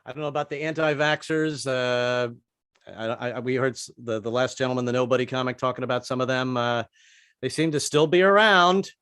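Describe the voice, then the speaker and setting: A man's voice: mid-range voice, steady tone, fairly bright tone, clean tone, dry recording, clean studio sound. A man doing a stand-up comedy set, stammering and repeating words before landing his jokes. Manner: halting, repeats words, drops into quick bits. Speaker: stand-up comic.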